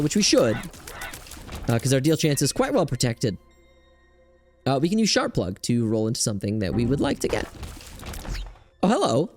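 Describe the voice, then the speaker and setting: A young man giving casual gameplay commentary as a streamer, rambling and excitable with lots of fillers. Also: mid-range voice. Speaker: gaming streamer.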